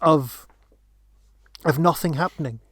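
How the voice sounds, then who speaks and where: Guy rambling about a movie, kinda high voice, dry close mic. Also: measured pace, fairly bright tone, husky, dry recording. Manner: rambling, many restarts and asides. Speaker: podcast co-host. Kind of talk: casual film discussion.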